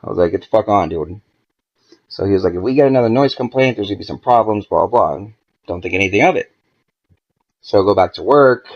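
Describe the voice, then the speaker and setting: On a podcast, a male guest with a low-leaning voice speaks quickly but with long pauses, in audio missing its high end. His storytelling is animated and full of swearing, and he performs the quoted lines as he goes.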